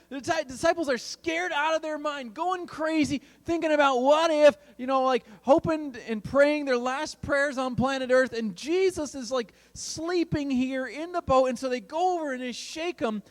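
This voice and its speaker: A man preaching a youth sermon, telling a story with big swings in pitch and volume. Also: big-room sound. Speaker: youth pastor.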